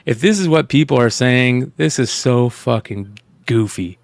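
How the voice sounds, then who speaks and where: A man's voice with a gravelly, fry-edged texture and a mid-range pitch, recorded dry and close. He hosts a casual podcast chat, talking bluntly and with plenty of profanity, sounding exasperated. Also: unhurried, no room sound. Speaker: podcast host.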